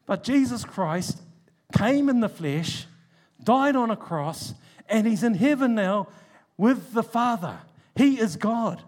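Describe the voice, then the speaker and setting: Male preacher, high voice, emphatic sermon delivery with slowed stresses and low, quiet asides. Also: expressive.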